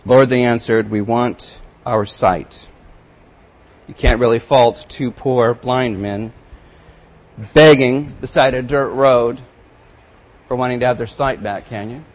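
A man's voice: medium pitch, fairly even intonation, slow, pauses often, rough recording. Man preaching, reading scripture with emphasis. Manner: reads scripture aloud with rising emphasis, then comments quietly. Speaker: pastor. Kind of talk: sermon.

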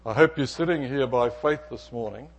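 Here a middle-aged man preaches with a story from his own life, acting out what each person said. His pitch is medium, and he talks a bit quickly.

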